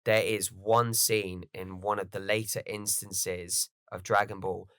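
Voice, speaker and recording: A man hosting a podcast, chatting casually and excitedly as a fan, swearing freely. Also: sits low, unhurried, dry recording, clean studio sound. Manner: animated, swearing, fan enthusiasm. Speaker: podcast host. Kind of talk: casual chat.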